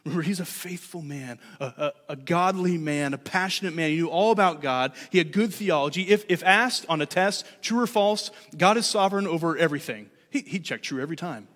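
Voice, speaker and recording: Brief: male pastor, slightly higher voice, chatty animated sermon, long church reverb. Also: a little fast, hardly any pauses. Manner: conversational, animated preaching with shifting loudness. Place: church sanctuary.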